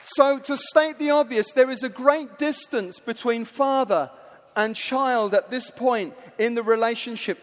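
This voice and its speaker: A male preacher giving a rousing sermon in a large hall, telling the story in a lively way. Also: extremely high pitch.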